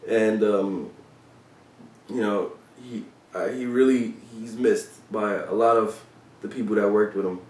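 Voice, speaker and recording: A low-pitched man chats casually about his days on the police force, swearing freely and leaning on fillers. His voice sounds set back from the mic. The sound is roomy and echoey. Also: fairly even intonation, unhurried, a little mellow, distant mic. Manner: loose and profane, with many fillers. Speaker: former police officer telling stories. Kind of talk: casual storytelling vlog.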